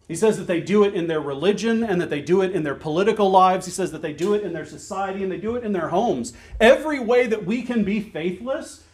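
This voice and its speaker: Male pastor, higher-pitched voice, earnest preaching with slow repeated emphasis. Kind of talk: sermon.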